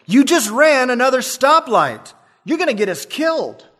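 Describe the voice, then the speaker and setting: A man acting out a panicked yelling passenger. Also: extremely high pitch, big pitch swings, normal speed, in a large hall, voice pushed up, full character voice. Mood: alarmed. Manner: yelling in alarm. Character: panicked young male car passenger.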